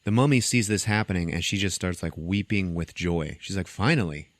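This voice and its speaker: A man's voice: low-pitched, fairly quick, no echo. A man hosting a podcast, giving a casual comedic recap of a movie and acting out the scenes as he goes. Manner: animated storytelling, acting out scenes. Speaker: podcast host.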